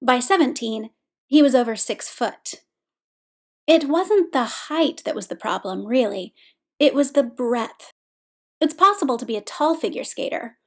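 Brief: woman audiobook reader, a touch high, steady pace. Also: a little slow. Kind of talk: scripted narration.

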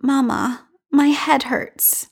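A woman's voice: high-pitched, level tone, takes it slowly, pitched above the performer's own voice. A woman voicing a proud, spirited young girl who speaks with offended dignity. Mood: frightened.

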